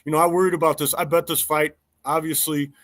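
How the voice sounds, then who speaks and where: A man's voice: on the high side, flat delivery, fast talker, a bit bright, no room sound. A man hosting a casual sports chat, rambling and correcting himself as he talks. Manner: rambling, self-correcting, chatty. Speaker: podcast host.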